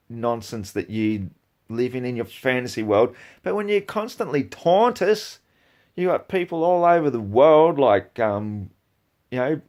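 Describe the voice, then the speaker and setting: A man rants at the camera in a heated, profane commentary, dropping to low mutters and then flaring into loud outbursts. His pitch sits in the ordinary middle for a man. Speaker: video creator. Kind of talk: angry ranting commentary.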